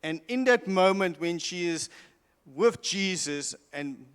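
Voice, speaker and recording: A man's voice: sits high, expressive, slow pace, clear, resonant tone. A man preaching a sermon from the stage of a large church, emphatic, repeating his key lines and often stumbling and restarting. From South Africa. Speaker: pastor. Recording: long church hall reverb.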